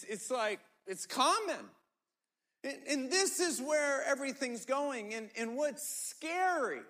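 A man's voice: very high-pitched, a bit bright. A middle-aged man preaching a sermon, emphatic and repetitive, often restarting his words. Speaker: pastor.

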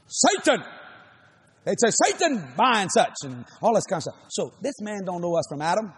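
Middle-aged man preaching, high swooping voice, husky tone, animated storyteller who shouts. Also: normal speed. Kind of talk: sermon storytelling.

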